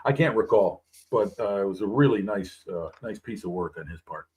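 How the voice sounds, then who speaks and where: A man co-hosts a live stream, chatting and teasing in a friendly way. His voice sits low with a husky texture. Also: animated, brisk, a little mellow. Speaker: co-host of a live scale-modelling stream. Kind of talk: casual live-stream chat.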